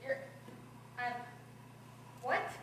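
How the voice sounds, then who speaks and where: A teenage girl playing a sardonic teenage girl with cancer, in a student stage performance with a quick, dry, candid delivery. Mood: wry. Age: teens. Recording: echoey room from far off, loud noise.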